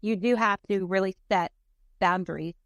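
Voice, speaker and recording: A woman's voice: medium pitch, moderate pace, fairly bright tone, dry recording, studio quality. Enthusiastic woman guest therapist. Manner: enthusiastic, earnest. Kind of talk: casual chat.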